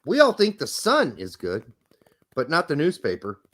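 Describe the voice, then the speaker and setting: A man's voice: a little high, huge pitch swings, normal speed, a bit bright. A man co-hosting a casual soccer podcast, talking bluntly and swearing as he rants. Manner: blunt, profane and ranting. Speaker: podcast co-host.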